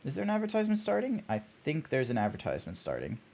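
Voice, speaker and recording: Young Aussie streamer, man, bit high, very lively pitch, chatty commentary. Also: fast, vocal fry. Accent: Australian. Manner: chatty, animated, talks to chat while playing. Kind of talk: casual gameplay commentary.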